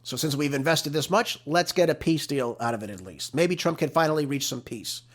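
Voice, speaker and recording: A man's voice: on the high side, fairly quick, fairly bright tone. A man hosting a political talk show, delivering emphatic, exasperated solo commentary into a close mic.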